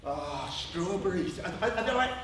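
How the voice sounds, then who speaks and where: A man leading an interactive drama workshop, coaxing participants and narrating a story in a lively way. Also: high voice, moderate pace, noisy background. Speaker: workshop leader. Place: theatre stage with a group. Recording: echoey theatre with audience.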